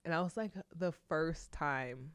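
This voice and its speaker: A woman's voice: low voice, a little slow, clean tone, dry recording. A woman in her twenties hosting a podcast, telling her own story, laughing often and often restarting her sentences. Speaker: podcast host. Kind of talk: personal storytelling.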